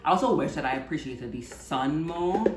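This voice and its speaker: A woman's voice: low voice, normal speed. Trinidadian woman chatting in a roomy kitchen. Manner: animated storyteller, drops into quiet asides while cooking. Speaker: channel host cooking. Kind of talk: casual chat while cooking. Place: home kitchen.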